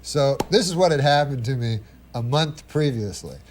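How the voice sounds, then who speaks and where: A man telling a long, rambling anecdote as a comedy guest, full of halting restarts and dry asides. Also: mid-range voice, animated, slight background noise. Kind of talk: casual anecdote on a talk show.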